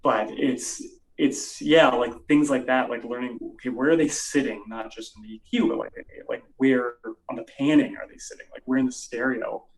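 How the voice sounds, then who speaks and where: A man's voice: mid-range voice, normal speed, few pauses. A man who plays in a band, chatting in an interview, rambling with lots of fillers. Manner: rambling, animated, many fillers. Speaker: musician guest. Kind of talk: casual interview chat. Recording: roomy sound from off the mic.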